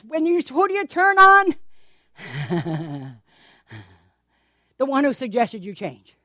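A woman pastor preaching a sermon in a church, animated and acting out the voices of the people in her story, laughing often. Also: very high-pitched, measured pace, long pauses, no room sound, studio quality.

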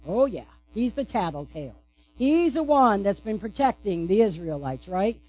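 A woman's voice: mid-range voice, very animated, normal speed, dark tone. A woman pastor giving a sermon, asking the congregation questions and answering them playfully.

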